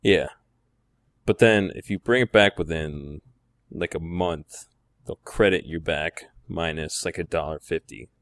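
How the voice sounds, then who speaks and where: A man's voice: deep voice, a little slow, dry recording. A man co-hosting a podcast in casual chat, explaining things in a matter-of-fact way. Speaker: podcast co-host.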